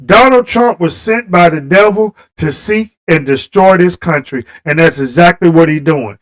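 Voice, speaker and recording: High-voiced guy going off on a livestream, heated, talking right at the viewers, aave. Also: moderate pace, poor audio. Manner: impassioned, talks straight to viewers. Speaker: live stream host. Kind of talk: livestream political rant.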